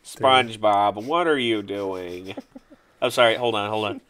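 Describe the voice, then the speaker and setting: A man impersonating a grumpy, irritated adult male cartoon squid with a slow, exasperated drawl. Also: on the low side, fairly bright tone. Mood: annoyed.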